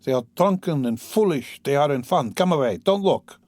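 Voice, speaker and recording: A man reading an audiobook, voicing a father gently coaxing his son away. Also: on the high side, expressive, moderate pace, dry recording. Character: calm older father soothing his son.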